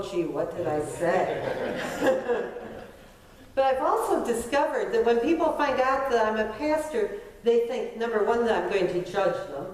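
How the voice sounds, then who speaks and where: A middle-aged woman pastor preaches in a slow, conversational way, mixing self-deprecating asides with emphatic points. Her voice is picked up from a distance and rings through a very reverberant church sanctuary. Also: on the high side. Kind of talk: sermon. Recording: very echoey church from far off.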